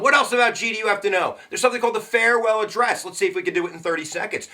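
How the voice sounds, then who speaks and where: Male history teacher, high bright voice, playful and slangy delivery. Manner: jokey, slangy and animated, with sudden asides. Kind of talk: casual history lesson.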